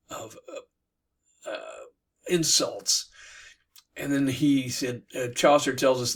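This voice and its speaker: Playful lit teacher retelling a classic, bright voice, kinda far from mic. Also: male voice, mid-range voice, slightly rough. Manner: animated, playful, with fillers. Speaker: literature teacher. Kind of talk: lively retelling of a classic tale.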